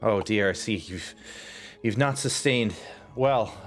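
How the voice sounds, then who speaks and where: A man's voice: lowish voice, takes it slowly, faint music behind. A man voicing an anxious, caring elven woman healer, speaking in urgent, worried questions.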